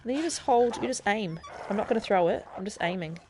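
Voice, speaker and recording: A woman's voice: mid-range voice, animated, quick pace, background noise. A woman streaming a video game live, chattily explaining the controls and thinking aloud as she plays. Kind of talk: casual live-stream gameplay tutorial.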